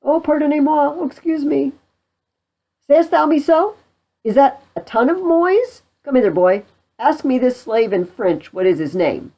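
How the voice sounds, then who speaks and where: A woman reading the part of a cowardly, boastful male soldier in a play, pushing her voice higher and louder. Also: lively intonation, moderate pace, natural voice. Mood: blustering. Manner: loud, high-pitched bluster.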